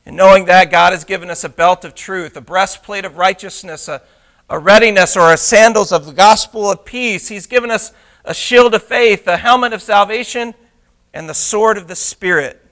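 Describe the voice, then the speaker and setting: A man preaching a sermon as a pastor, swinging between loud emphatic declarations and hushed intimate asides, asking the congregation rhetorical questions. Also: sits high, normal speed.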